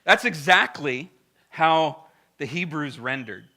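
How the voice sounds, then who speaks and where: A man's voice: fairly high pitch, expressive, normal speed, sharp tone. A male pastor preaching a sermon in a blunt, emphatic, conversational way, with frequent direct asides to the congregation.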